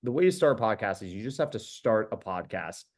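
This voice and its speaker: A man, a podcast host, telling stories in casual chat as a guest, animated and enthusiastic with quick restarts. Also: fairly low pitch. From New York. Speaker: podcast host being interviewed. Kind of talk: casual storytelling.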